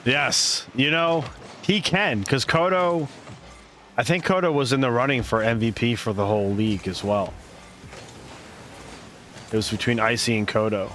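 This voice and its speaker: A man casting a live esports match in a lively play-by-play, laughing often and going off on rambling asides. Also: mid-range voice, normal speed, long pauses, soft background music. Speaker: esports co-caster.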